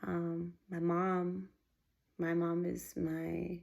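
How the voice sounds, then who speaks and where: A woman's voice: fairly low pitch, monotone, drawn-out words, gravelly, a little mellow. A woman vlogging about her faith and her family, speaking earnestly, rambling and restarting her sentences, and sometimes dropping to a near-whisper. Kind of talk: heartfelt faith-based personal vlog.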